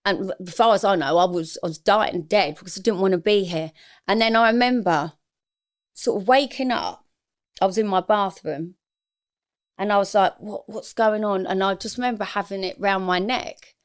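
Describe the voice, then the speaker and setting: Interview guest: woman, 40s, candid and confessional, average pitch. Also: normal speed, clear, resonant tone. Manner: frank, emotional, confessional.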